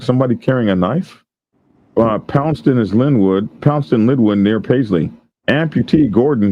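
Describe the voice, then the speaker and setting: A man's voice: on the low side, dull audio. A male show host, reading news stories aloud and riffing on them with frequent laughter. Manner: laughs often, reads news aloud and riffs on it. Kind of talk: casual news commentary.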